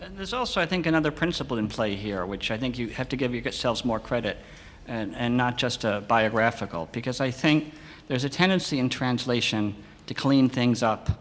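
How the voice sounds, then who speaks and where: A man's voice: mid-range voice, moderate pace, fairly bright tone. A man moderating a live panel discussion, easygoing and thoughtful. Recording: reverberant hall.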